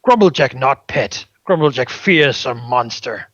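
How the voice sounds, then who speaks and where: A man's voice: mid-range voice, lively intonation, measured pace, a bit bright, dry recording, lo-fi sound. A man voicing a dim-witted, boastful male ogre who speaks of himself by name in broken grammar. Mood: gloating.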